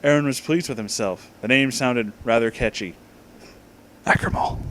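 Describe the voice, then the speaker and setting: A young man reading fan fiction excerpts aloud in a deadpan voice, often breaking off in disbelief and laughing as he comments. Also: mid-range voice, normal speed, slight background noise.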